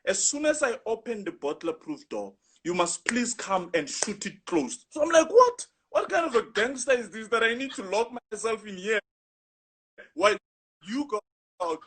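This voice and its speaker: A young man with a husky voice, animatedly telling a rambling story in casual chat, full of "you know". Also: high-pitched, expressive, moderate pace, fairly bright tone, slight background noise. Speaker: guest storyteller.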